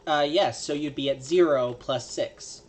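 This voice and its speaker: A man's voice: on the high side, unhurried. A man playing a tabletop game, joking and walking through dice bonuses. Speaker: player. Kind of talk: casual tabletop game chat.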